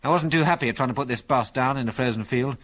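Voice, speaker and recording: A man's voice: medium pitch, quick pace, fairly bright tone, lightly acted. A man reading aloud and voicing a decisive male pilot leader in a clipped, commanding manner. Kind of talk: audiobook character voice.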